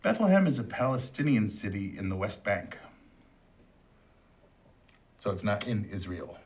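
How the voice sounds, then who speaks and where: A man's voice: lowish voice, big pitch swings, unhurried, darkish tone. A man co-hosting a movie review show, chatting casually and teasing his partner with dry sarcasm.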